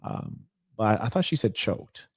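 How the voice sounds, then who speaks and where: A man's voice: fairly low pitch, sing-song, moderate pace, husky, dry recording, studio quality. A man hosting a reaction video, speaking in an indignant, rambling and emphatic way. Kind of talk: reaction commentary.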